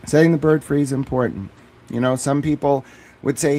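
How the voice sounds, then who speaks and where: A man's voice: medium pitch, steady tone, fairly quick, dark tone. A man on a boxing talk stream, joking and boasting in profane, rambling riffs. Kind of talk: casual livestream banter.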